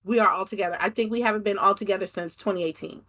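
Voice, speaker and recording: A woman guest in a casual interview chat, talking excitedly about meeting up with her gaming friends. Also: medium pitch, racing. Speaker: podcast guest, gaming creator.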